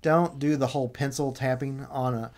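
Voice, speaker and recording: A man telling an anecdote in casual chat, annoyed, animated, acting out what people said. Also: medium pitch, normal speed. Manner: animated retelling, acts out quotes.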